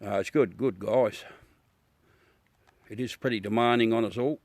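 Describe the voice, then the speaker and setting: A man's voice: on the low side, moderate pace, creaky, darkish tone, no echo. A middle-aged Australian man chatting casually and bluntly with viewers on a livestream, swearing and calling everyone mate. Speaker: livestream host. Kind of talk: casual live chat with viewers.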